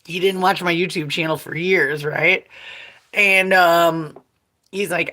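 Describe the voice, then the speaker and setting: A woman's voice: fairly low pitch, steady tone, slow, bright, forceful tone. A woman in her forties talking casually to her viewers in a blunt, profane, rambling way, laughing often. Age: 40s. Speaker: vlogger.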